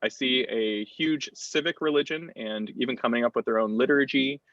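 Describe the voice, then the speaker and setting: An American clergyman in his thirties speaking thoughtfully on a panel, with frequent pauses and restarts. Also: mid-range voice, a bit bright, no echo. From United States. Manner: reflective, thoughtful, many fillers and restarts. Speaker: clergyman and campus chaplain. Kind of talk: panel discussion talk. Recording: dull lo-fi dry sound.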